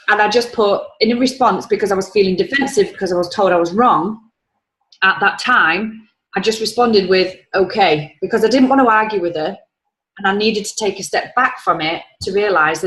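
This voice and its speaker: A woman's voice: mid-range voice, fairly bright tone. A woman on a coaching call, rambling as she retells conversations in quotes. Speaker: coaching client. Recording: echoey room.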